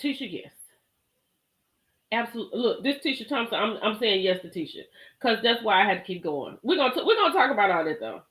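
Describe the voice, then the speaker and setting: A woman hosting a casual live stream, talking straight to her chat in an animated way and often laughing and exclaiming. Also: medium pitch, quick pace. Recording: echoey room.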